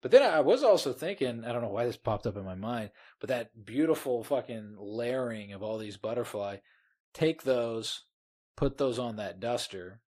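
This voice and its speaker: A man's voice: mid-range voice, animated, moderate pace, darkish tone. A man co-hosting a podcast, talking enthusiastically about a fantasy novel in a rambling way, with many restarts. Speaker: podcast co-host. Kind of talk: casual book discussion.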